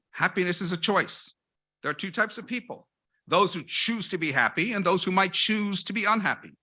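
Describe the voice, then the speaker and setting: A rabbi delivers a lecture with a bright, forceful edge to his fairly high voice. He is a middle-aged man who asks rhetorical questions and stacks his points in steady lists, one after another. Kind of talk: lecture with anecdotes.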